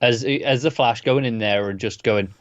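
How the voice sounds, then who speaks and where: A man co-hosts a casual podcast and talks in a measured way, with hesitant restarts as he works out his thoughts. The recording is dry and slightly dull, missing some top end. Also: medium pitch, dry recording. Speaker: podcast co-host. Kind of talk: casual chat.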